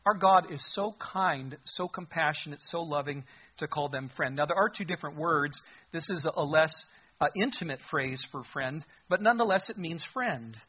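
Husky-voiced man preaching a sermon. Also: on the high side, moderate pace, highs cut off. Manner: earnest preaching, reads scripture aloud, rising emphasis. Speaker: pastor.

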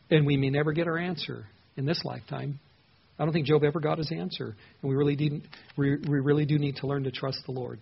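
A man's voice: on the high side, a little fast, vocal fry, slightly rough, highs cut off. A man teaching a Bible passage verse by verse as a pastor, conversational and asking his listeners questions. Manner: conversational, asks the listeners questions, repeats words.

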